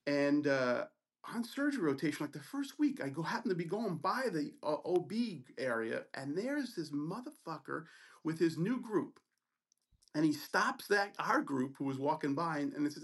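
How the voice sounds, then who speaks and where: A middle-aged man telling a story on a podcast in a casual, animated, profane way, acting out the people in it. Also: a little high, moderate pace. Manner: animated, profane, acts out voices in his story. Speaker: podcast co-host.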